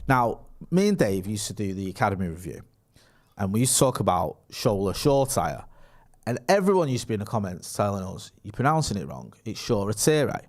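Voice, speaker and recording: A man's voice: lowish voice, very animated, fast talker. A man in his thirties co-hosting a casual live stream, chatting and reading out viewer comments with frequent laughs. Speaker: podcast co-host reading live chat.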